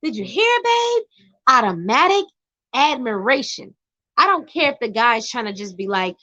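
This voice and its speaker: A woman talks in a casual, emphatic vlog style, her high voice rising into excitable bursts. She now and then turns aside to address her partner off-camera. The sound is muffled and lo-fi. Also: moderate pace. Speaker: vlogger. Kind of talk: casual commentary.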